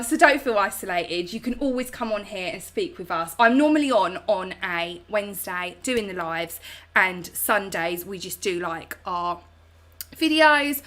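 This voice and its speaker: A woman's voice: medium pitch, pushed and bright. A woman in her thirties with a London accent, hosting a chatty live stream and reading out viewer comments with affectionate pet names. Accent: London English. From South London, England. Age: 30s. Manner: chatty and affectionate, calls viewers babe and darling. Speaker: host.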